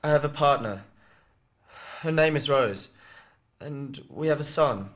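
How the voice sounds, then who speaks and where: A man's voice: medium pitch, measured pace, a bit bright, close to an everyday voice. A young actor playing an apologetic son who hesitantly confesses to his father on the phone in a radio drama. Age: young adult.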